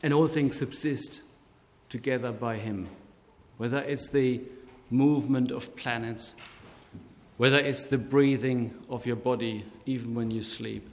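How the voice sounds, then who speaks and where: A man preaching a sermon slowly and deliberately, lifting his voice on key words. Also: medium pitch, steady tone, a little mellow. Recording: long hall reverb.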